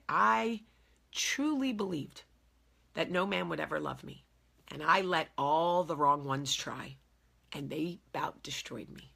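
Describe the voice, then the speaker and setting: A woman's voice: fairly low pitch, vocal fry, sharp tone, husky. A woman in her forties talking heart to heart with her viewers, earnest and emphatic, often repeating her key phrases. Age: 40s. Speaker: vlogger speaking to her viewers. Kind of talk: heartfelt casual talk to camera.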